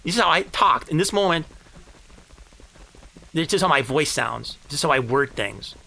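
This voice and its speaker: A man streaming live, retelling game battles with grand phrasing and heated, profane rants, and saying he is high. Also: lively intonation, normal speed, vocal fry, pushed and bright.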